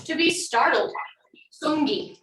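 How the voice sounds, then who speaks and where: A woman's voice: high-pitched, animated, slow pace, a bit bright, echoey room, far from the mic, poor audio. A woman teaching a language class online, upbeat and encouraging as she models words for students to repeat.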